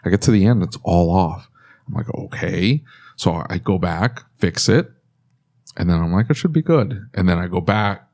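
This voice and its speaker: A man's voice: sits low, moderate pace, darkish tone. A man co-hosting a podcast, talking in a casual, rambling way as he explains what went wrong with an editing job. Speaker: podcast co-host. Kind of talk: casual chat.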